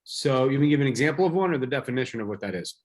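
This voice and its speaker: A man's voice: mid-range voice, animated, racing. A man in the audience answering a question, hesitant and searching for his words. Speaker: audience member.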